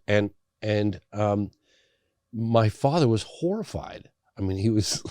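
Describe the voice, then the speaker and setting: A man's voice: mid-range voice, lively intonation, normal speed, a little mellow, no echo, studio quality. A middle-aged man from England, a documentary filmmaker telling his story in a casual interview, acting out the people he quotes. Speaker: documentary filmmaker, podcast guest.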